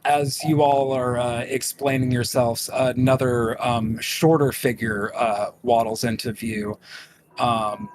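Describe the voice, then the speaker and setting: A man narrating as game master for a tabletop game, slow and hesitant, with lots of ums and uhs. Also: mid-range voice, little pitch movement, noisy background.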